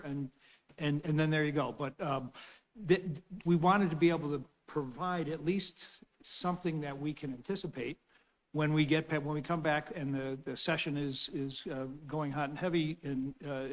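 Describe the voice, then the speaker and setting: A male city councilor with a fairly high voice explains a plan in a rambling way, pausing on fillers and restarting his sentences. The sound carries a long reverb from the chamber. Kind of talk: formal meeting talk.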